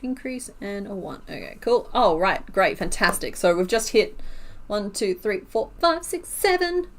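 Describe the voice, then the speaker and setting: A woman's voice: mid-range voice, big pitch swings, measured pace. An Australian woman streaming while she crochets, chatting casually, laughing often and counting stitches under her breath.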